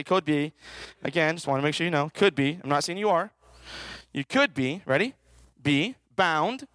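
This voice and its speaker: A man's voice: a little high, fairly bright tone, no room sound. A man, a children's minister, preaching a playful sermon and calling on the audience to answer and repeat after him. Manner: playful, calls out for audience participation.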